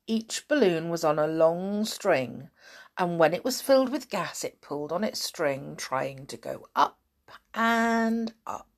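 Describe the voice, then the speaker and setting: Slow, expressive woman storyteller. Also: on the low side. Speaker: narrator. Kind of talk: storybook read-aloud.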